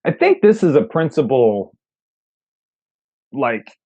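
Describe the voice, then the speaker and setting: A man's voice: mid-range voice, very animated, takes it slowly, mellow, highs cut off. Swearing, joking man ranting on a review show. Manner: profane, joking rants. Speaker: co-host film reviewer. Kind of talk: casual movie review chat.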